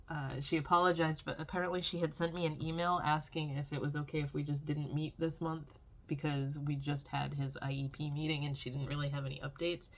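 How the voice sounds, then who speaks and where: A young adult woman vlogging at home, rambling and complaining in a casual diary style with lots of filler words. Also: low-pitched.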